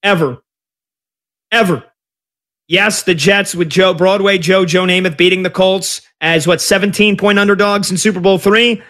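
Energetic male sports radio host. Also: sits high, moderate pace, few pauses.

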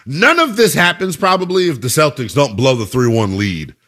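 A man's voice: mid-range voice, big pitch swings, normal speed, a bit bright. A man hosting a sports talk radio show, delivering an emphatic, conversational monologue full of rhetorical questions.

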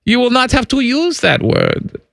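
A man's voice: very high voice, wildly swooping pitch, unhurried, vocal fry, a bit bright, dry recording, studio quality, exaggerated voice. A man putting on a comic German accent to play a brash, lewd, boastful German man in a comedy bit. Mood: leering boastful. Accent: put-on German. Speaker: comedy co-host.

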